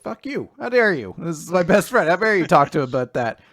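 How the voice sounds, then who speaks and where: A man putting on a hot-headed young male hero who talks in loud, indignant outbursts while recapping a manga. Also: mid-range voice, normal speed, no echo, clean studio sound, lightly acted. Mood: outraged.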